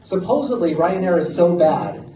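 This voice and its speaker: A middle-aged American man delivers punchy, self-mocking stand-up with a lively, bouncing pitch. His voice is a little high for a man. It sounds roomy and picked up from a distance, with clear crowd sound and laughter around him. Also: normal speed. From United States. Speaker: stand-up comedian. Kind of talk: stand-up comedy set. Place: comedy club stage before a live audience. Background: audience laughter.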